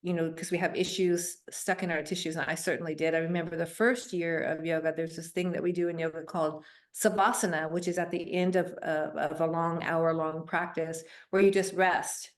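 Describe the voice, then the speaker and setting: Middle-aged woman guest, low-pitched, earnest storyteller, reflective interview talk. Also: little pitch movement, a little fast. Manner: earnest, with soft laughs and fillers.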